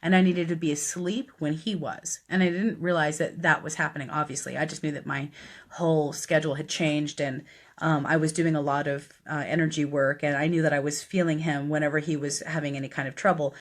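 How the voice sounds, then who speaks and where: A woman's voice: sits low, steady tone, a little fast. A woman, a death doula, earnestly telling a personal story on a live stream, chatty and full of fillers. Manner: earnest, conversational, many fillers.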